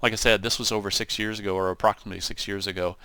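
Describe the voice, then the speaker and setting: A man giving casual, animated commentary over his own flight-sim gameplay, acting out what he and his wingman said. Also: fairly low pitch, racing, smooth, dry recording. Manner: animated storytelling, acts out radio calls. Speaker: gaming channel host.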